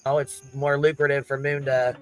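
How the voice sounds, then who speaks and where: A man's voice: medium pitch, flat delivery, normal speed, clean tone, soft background music, poor audio. A man in a played clip, gossiping and retelling drama in casual, profane chat.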